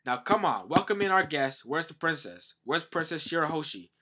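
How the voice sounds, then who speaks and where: A man's voice: fairly high pitch, big pitch swings, moderate pace, pushed and bright, slightly rough, pitched above the performer's own voice, full character voice. A man voicing a jolly but easily flustered old merman king. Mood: cheerful. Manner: sheepish, apologetic, jovial.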